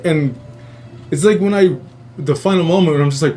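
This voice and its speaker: A man hosting a live show, telling a dream story in a profane, rambling, animated way. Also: a little high, a little fast, a little hiss or hum. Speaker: host. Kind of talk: casual storytelling.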